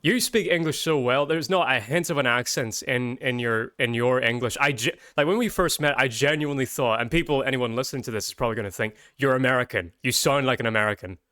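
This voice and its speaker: A male podcast host with a bright, forceful voice who talks in loose, rambling tangents. His voice sounds close and dry, with no room around it. He keeps it casual and chatty. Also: mid-range voice, fast, hardly any pauses, no room sound.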